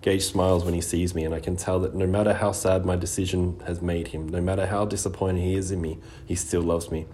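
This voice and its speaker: A man narrating a first-person story in a steady, even reading voice. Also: low-pitched, fairly quick, hardly any pauses, a little hiss or hum. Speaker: audiobook narrator.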